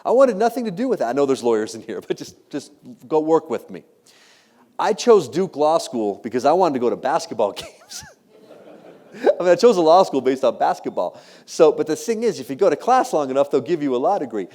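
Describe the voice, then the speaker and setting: A man in his thirties giving a humorous storytelling keynote, animated and self-deprecating, teasing the audience with questions. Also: a little high, fairly quick. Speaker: keynote speaker. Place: large hall. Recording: long reverb of a large hall.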